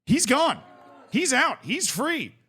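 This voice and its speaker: A young man hosting a casual reaction video, commenting in an amused, excitable way and often laughing. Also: very high-pitched, takes it slowly.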